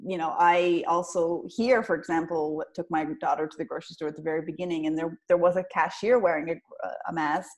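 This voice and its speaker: A woman's voice: on the low side, fairly even intonation, brisk, few pauses. A woman speaking as a podcast guest, thoughtful and hesitant, often restarting her sentences. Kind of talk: casual conversation.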